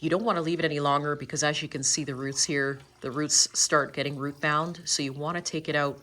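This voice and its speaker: A woman's voice: low voice, fairly even intonation, a little fast, a bit bright. A woman talking casually while she works in a greenhouse, explaining each step of her gardening in a friendly, chatty way. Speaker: gardening vlogger. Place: inside a greenhouse.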